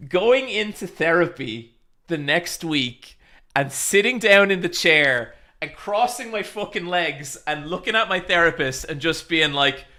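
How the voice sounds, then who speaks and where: Bright-voiced man telling a rambling story. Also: a little high, takes it slowly. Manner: rambling and animated, with swearing and filler words. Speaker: streamer host. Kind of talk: casual storytelling chat.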